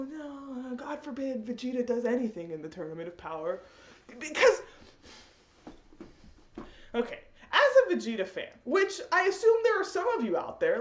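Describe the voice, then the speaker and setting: Animated high-voiced woman ranting. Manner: animated, rambling fan rant. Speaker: anime reviewer. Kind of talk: casual review vlog. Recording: echoey room, dull lo-fi audio.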